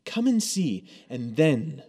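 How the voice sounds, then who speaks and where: A man's voice: fairly high pitch, sing-song, slow pace, mellow, breathy edge. A man preaching a sermon in a conversational, storytelling way, acting out quoted lines as he goes. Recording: long hall reverb.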